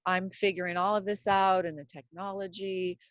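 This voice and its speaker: A woman's voice: medium pitch, level tone, moderate pace, dry recording, lo-fi sound. A woman in her fifties from Seattle, hosting a casual podcast monologue from her home closet in a chatty, rambling, self-deprecating way. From Seattle, USA. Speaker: podcast host.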